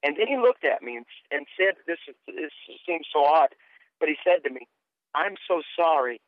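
A man's voice: a little high, very animated, a little fast, no echo. A middle-aged man, a guest preacher, earnestly telling his personal testimony and often repeating words as he starts sentences. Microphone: phone. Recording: tinny dry phone line.

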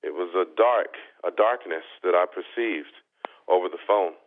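A man's voice: sits low, moderate pace. A man, a guest minister on a Christian talk show, telling a testimony in an earnest preaching manner. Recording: phone-like narrow band.

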